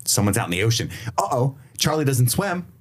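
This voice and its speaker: A man co-hosting a podcast, talking in a casual, animated way with frequent laughs and swearing. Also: medium pitch, brisk, husky. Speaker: podcast co-host. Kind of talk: casual chat.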